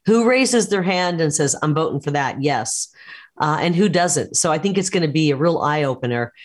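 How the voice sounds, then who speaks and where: A woman candidate speaks with firm, combative conviction. Her delivery is steady and emphatic, with punchy repeated promises. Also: deep voice. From United States. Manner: forceful, combative campaign talk. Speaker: political candidate. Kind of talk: interview over a call.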